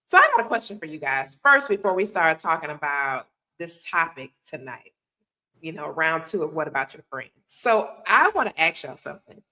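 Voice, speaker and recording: A woman hosting a casual talk show, telling stories with lively acted-out quotes. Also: deep voice, normal speed, poor audio. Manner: animated storyteller, acts out quotes. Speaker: host.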